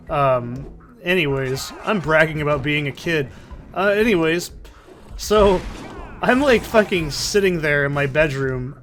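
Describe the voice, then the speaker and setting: A man's voice: a little high, a bit bright. A man casually commentating a video game, telling a long story with a lot of swearing and digressions. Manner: rambling, profane, self-interrupting. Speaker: let's play commentator. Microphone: desk condenser mic in a soundproofed corner.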